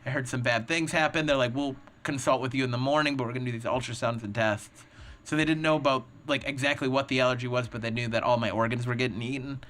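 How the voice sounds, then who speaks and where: A man's voice: mid-range voice, fairly even intonation, fast talker, fairly bright tone, slight background noise. A young man telling a story on a podcast, acting out the people in it with lots of laughter. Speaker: stand-up comedian guest.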